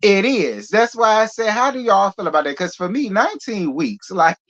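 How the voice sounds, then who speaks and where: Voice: mid-range voice, big pitch swings, normal speed, fairly bright tone, dull audio. A gossip show host giving casual, blunt and rambling commentary on the news.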